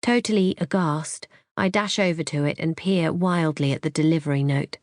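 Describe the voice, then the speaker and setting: A woman narrating a first-person thriller audiobook in an expressive, tense storytelling manner. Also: low-pitched, normal speed, dry recording, clean studio sound.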